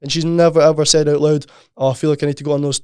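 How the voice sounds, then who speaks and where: A man co-hosting a podcast, talking quickly and earnestly in a fairly high, level voice. His tone is smooth and clear. The mic sound is dry and close. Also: flat delivery, darkish tone, no room sound. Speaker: podcast co-host. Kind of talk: casual podcast conversation.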